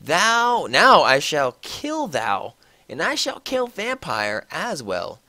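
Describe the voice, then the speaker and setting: A man voicing a menacing male dark lord who makes overblown threats in a raspy voice. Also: on the high side, wildly swooping pitch, slow, dry recording, heavily acted.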